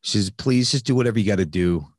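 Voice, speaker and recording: A man's voice: on the low side, fast talker, darkish tone, breathy edge, dry recording, studio quality. A man telling a candid personal story in casual conversation, with frequent fillers and some swearing. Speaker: podcast host, guest telling his recovery story.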